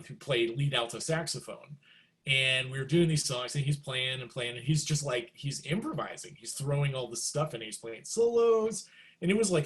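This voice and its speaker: A middle-aged man, a guest musician, telling stories in a casual interview and acting out quotes with big jumps in pitch. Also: fairly bright tone.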